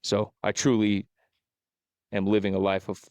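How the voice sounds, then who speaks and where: Gravelly flat-voiced man hosting. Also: on the low side, moderate pace, dry recording. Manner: reflective, flat-toned, peppers speech with "bro, you know?". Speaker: podcast host. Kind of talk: conversational interview. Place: podcast studio.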